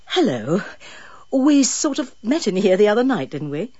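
A woman's voice: medium pitch, sing-song, normal speed, mellow, husky, dry recording, highs cut off, pitched above the performer's own voice. A woman voicing a friendly, tentative woman asking careful questions.

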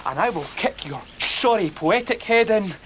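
A man's voice: high-pitched, lively intonation, moderate pace, a bit bright, slight background noise, rough recording. An actor with a Scottish accent playing a resentful young policeman son with a cutting, accusing way of talking. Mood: menacing.

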